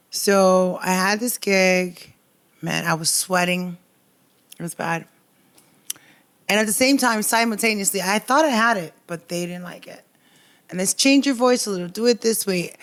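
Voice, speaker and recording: A woman comedian with a South Florida accent, telling a fast, animated story on a podcast and mixing in Spanish. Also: mid-range voice. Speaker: comedian guest. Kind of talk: casual podcast chat.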